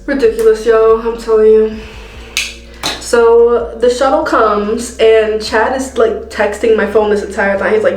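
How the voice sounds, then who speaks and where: A woman's voice: fairly high pitch, a little slow, faint music behind. Chatty young woman telling a story, echoey. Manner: slangy, animated retelling with quoted dialogue and laughs. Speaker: vlogger. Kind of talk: casual storytime while doing her hair. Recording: echoey room.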